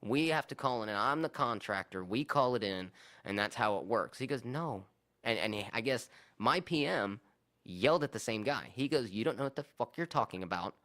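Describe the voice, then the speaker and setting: A man chatting casually on a podcast, telling a work story in an animated way and acting out both sides. He swears freely, and his pitch sits in the middle range for a man. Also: normal speed. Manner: animated, profane, acts out both sides of arguments.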